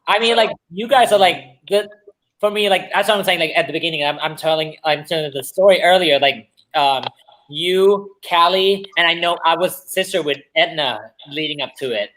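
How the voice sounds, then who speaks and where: A drag performer in casual chat, telling a pageant story and acting out other people's words loudly. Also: female voice, lowish voice, moderate pace, a little hiss or hum, low-quality recording. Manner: animated storyteller, acts out quotes loudly. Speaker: drag pageant queen guest.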